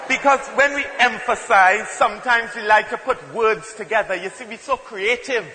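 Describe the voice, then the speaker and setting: A man's voice: sits high, moderate pace, pushed and bright. A man with a Trinidadian accent performing stand-up comedy in an emphatic, playful storytelling manner. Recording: hall reverb, faint ambient noise.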